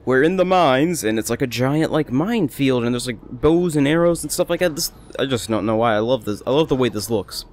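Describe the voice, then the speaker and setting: A man's voice: medium pitch, lively intonation, a little fast, few pauses, soft background music. Rambling young man commentating a game. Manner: rambling, chatty, self-amused. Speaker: let's play host. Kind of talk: casual gameplay commentary.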